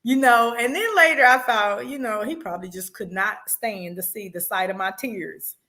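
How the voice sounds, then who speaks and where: A woman author speaking as a guest, telling personal stories in an animated, expressive way. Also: mid-range voice, normal speed. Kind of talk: casual chat.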